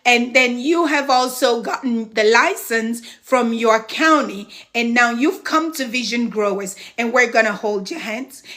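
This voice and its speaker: Bright, upbeat woman mentoring live. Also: a little high, unhurried, hardly any pauses. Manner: encouraging, chatty, thanks viewers between steps. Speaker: home care business mentor. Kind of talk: live-stream advice chat.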